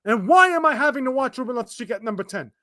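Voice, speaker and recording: A high-pitched young man hosts a football watchalong, venting his frustration in rapid, stumbling bursts full of restarts and curses. The sound is dry and close, with no room around it. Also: expressive, sharp tone, no room sound. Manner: exasperated, fast ranting with frequent restarts and swearing. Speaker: fan commentator reacting to a live match. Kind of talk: livestream watchalong rant.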